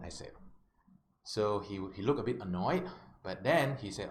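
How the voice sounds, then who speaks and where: Animated man coaching. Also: fairly low pitch, normal speed. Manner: animated storyteller, checks in with listeners often. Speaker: life coach. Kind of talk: storytelling self-help lesson. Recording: roomy with faint background noise.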